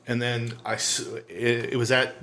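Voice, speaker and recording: A middle-aged man co-hosting a podcast who struggles to get an explanation out, repeating words and starting over. His voice sits at an ordinary middle pitch and often drops off to a mumble. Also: monotone, a little hiss or hum. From Southern California. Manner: halting, many restarts, trails off quietly. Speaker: podcast co-host. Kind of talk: casual chat.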